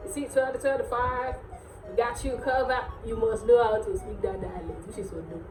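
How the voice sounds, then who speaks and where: A Nigerian woman hosting a casual language lesson, repeating words slowly and laughing often. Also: on the high side, steady tone. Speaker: dialect teacher and channel host. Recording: echoey room with faint music.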